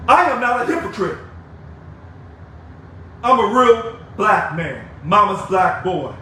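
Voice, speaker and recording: A man with a high-sitting voice, pushed and bright, speaks slowly yet very animatedly. He's a union activist, angry and fired up, ranting on video at members in a combative, preachy way, calling them out and taunting them. The mic is distant and echoey, with faint noise.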